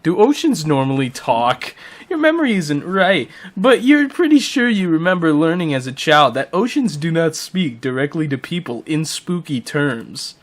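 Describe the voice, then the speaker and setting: A man's voice: on the high side, sing-song, normal speed. A man co-hosting a comedy podcast, reading a game's story aloud in a mock-dramatic, joking style. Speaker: podcast co-host. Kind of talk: comedic dramatic narration of a game.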